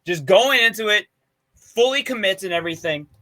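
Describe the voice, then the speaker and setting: Guy on a podcast, kinda high voice, super bright and sharp, swears a lot, hyped up. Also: lively intonation, moderate pace. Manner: loose, profane, enthusiastic storytelling. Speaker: podcast co-host presenting a segment. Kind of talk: casual chat.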